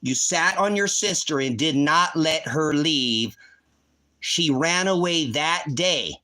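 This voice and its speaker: A man's voice: on the high side, expressive, slow, pushed and bright. A man hosting a livestream, ranting in a heated, profane, accusing way. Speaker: livestream host. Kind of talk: angry livestream rant.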